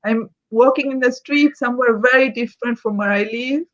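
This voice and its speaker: A woman who directs a museum, telling an anecdote in a live conversation in a lively way and laughing often. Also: on the high side, a little fast, dull audio. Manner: lively, often laughing as she tells stories.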